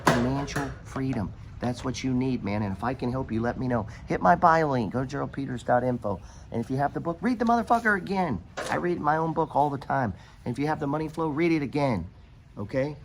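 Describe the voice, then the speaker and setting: A man's voice: mid-range voice, fairly quick, a little hiss or hum. A middle-aged American man hosting a podcast, giving money advice in a blunt, profane, rambling motivational rant. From United States.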